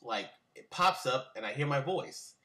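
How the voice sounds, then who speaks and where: Bright-voiced young man telling a casual story. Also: medium pitch, lively intonation, moderate pace. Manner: slangy, rambling, lots of fillers and restarts. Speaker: interviewee. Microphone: webcam.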